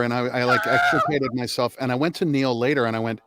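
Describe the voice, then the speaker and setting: Middle-aged man telling lively anecdotes. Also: medium pitch, fast talker, heavy background noise. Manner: animated anecdotes, casual swearing. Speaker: guest. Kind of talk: casual storytelling chat.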